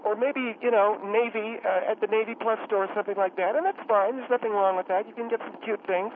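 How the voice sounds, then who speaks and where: Brief: man putting on a catty, rambling middle-aged woman caller, high voice, phone-line sound. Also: fairly even intonation, a little fast, slight background noise, natural voice. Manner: rambling, indignant, mocking.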